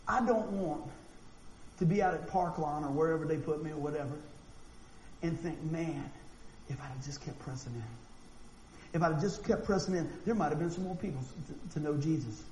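Man, pastor, animated folksy sermon, repeats words, high voice, roomy echo. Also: a little fast. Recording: echoey room with faint noise.

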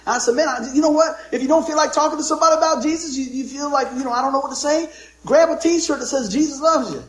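A middle-aged male pastor with a very high voice preaches in an echoey church, folksy and joking. He keeps asking the congregation for amens. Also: quick pace, a bit bright. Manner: folksy, joking storyteller with call-and-response amens. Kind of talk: sermon.

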